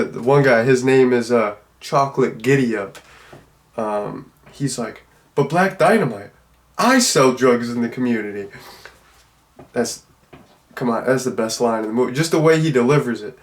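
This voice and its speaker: Rambling man reviewing a film. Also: mid-range voice. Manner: rambling, loose and conversational. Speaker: movie reviewer. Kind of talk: casual spoken film review.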